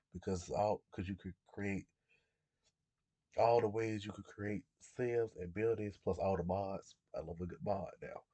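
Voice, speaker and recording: A gaming YouTuber in his twenties, clearly under the weather, chats casually about a game, rambling and correcting himself as he goes. His voice is fairly low, a little mellow, gravelly and husky, recorded with no echo.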